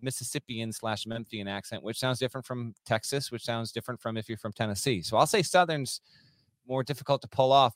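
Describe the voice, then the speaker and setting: Male co-host, teasing banter, mid-pitched voice, dry studio mic. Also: a bit bright, no echo. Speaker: podcast co-host. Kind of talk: casual sports talk.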